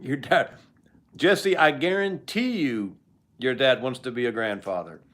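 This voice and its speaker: An older man hosts a live stream, rambling and joking as he answers viewers. His voice sits at a middle pitch, and his talk is loose and conversational. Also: measured pace, fairly bright tone. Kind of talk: casual live stream chat.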